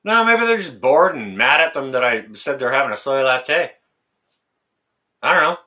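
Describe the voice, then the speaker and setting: A man's voice: medium pitch, expressive, normal speed, sharp tone. A man hosting a casual livestream, talking to viewers in the chat by name and ranting indignantly, often repeating his phrases. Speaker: livestream host.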